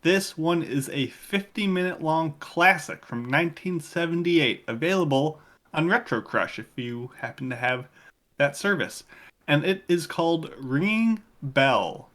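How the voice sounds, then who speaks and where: A man's voice: on the high side, lively intonation, measured pace, fairly bright tone. A man hosting a film segment on a podcast, retelling the plot in a joking, casual way.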